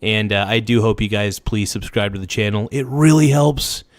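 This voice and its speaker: A man hosting a casual livestream, slangy and hyped as he thanks subscribers, his voice slightly hoarse. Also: fairly low pitch, normal speed, no room sound, clean studio sound. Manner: hypes subscribers, slangy and loose. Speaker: livestream host.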